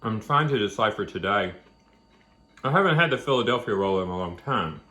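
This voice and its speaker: Low-voiced man chatting while eating. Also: expressive, brisk, bright, forceful tone. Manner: chatty, rambling, talking between bites. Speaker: vlog host. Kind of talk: casual chat while eating. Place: at home.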